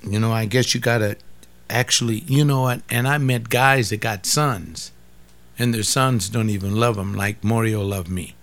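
A man's voice: fairly low pitch, normal speed, a bit bright. An older man giving an informal sermon, repeating phrases for emphasis and talking straight to his listeners. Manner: repetitive, emphatic, conversational preaching. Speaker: pastor.

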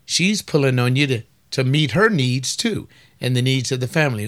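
A man's voice: mid-range voice, lively intonation, moderate pace, a bit bright. Folksy, teasing man preaching on family. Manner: folksy, teasing, full of rhetorical questions. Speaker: speaker on family life. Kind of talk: preaching-style talk.

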